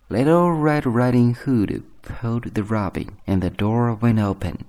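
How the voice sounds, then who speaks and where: A man reading a bedtime story aloud as an English teacher, in a calm, measured telling. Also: on the low side.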